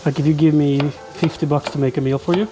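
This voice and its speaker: A man's voice: on the high side, fairly even intonation, quick pace. A man live-streaming while he cooks, chatting casually and joking with his viewers. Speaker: livestreamer. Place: home kitchen, cooking.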